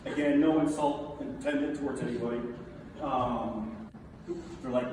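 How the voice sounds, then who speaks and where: A middle-aged man tells stories about a friend to a gathered crowd, his delivery animated and quick to break into laughter. He sounds like he's some way from the mic, and his voice rings through a large, reverberant hall. A steady background noise sits under the speech. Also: mid-range voice, distant mic.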